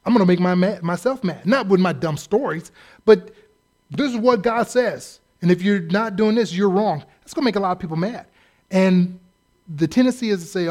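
A man preaching a sermon in a conversational, animated way, joking and mimicking people as he goes. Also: high voice, moderate pace. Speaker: pastor.

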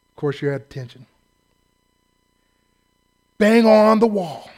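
A man delivers a sermon through a funny personal story, with a voice that sits a little high for a man. He pokes fun at himself and bursts into shouted impressions of drill staff. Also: lively intonation, takes it slowly. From California, US. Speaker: preacher.

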